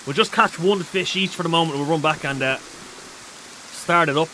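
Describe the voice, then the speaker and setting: An excitable man hosts a casual gaming livestream, his voice pitched high for a guy and bright, almost edgy. A faint hiss sits under his talk. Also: normal speed, rough recording. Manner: excitable, reads out chat messages. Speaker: streamer.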